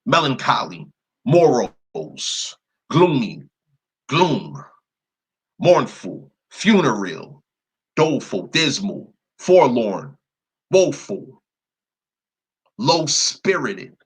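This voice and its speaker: A man with a husky, slightly breathy voice talks through what is on his screen. He reads long strings of words aloud one after another, in a blunt and cursing manner. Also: medium pitch, sing-song, extremely slow, rough recording. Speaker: presenter. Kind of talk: screen-share commentary.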